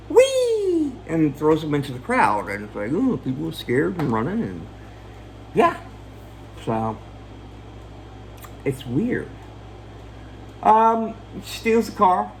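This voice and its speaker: Animated sarcastic man recapping a film. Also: a little high, slight background noise, rough recording. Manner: jokey, profane, sarcastic; acts out characters and sound effects. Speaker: film reviewer. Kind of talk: casual movie recap.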